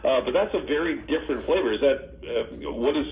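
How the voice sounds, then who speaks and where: A man's voice: medium pitch, brisk, echoey room, phone-quality sound, slight background noise. A man hosting a morning radio show, bantering and laughing often. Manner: jokey, lively, laughs often.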